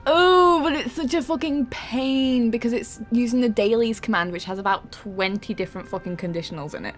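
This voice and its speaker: A woman's voice: on the high side, a little fast, few pauses, faint music behind. A young adult woman streaming a game, chatting casually with her viewers, laughing often and swearing freely. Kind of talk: casual live-stream chat.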